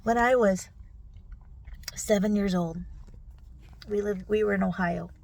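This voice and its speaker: A tearful middle-aged woman recording a personal video recap on her phone, speaking softly and often dropping to a whisper. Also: mid-range voice, steady tone, unhurried, gravelly. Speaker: vlogger. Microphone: phone selfie video.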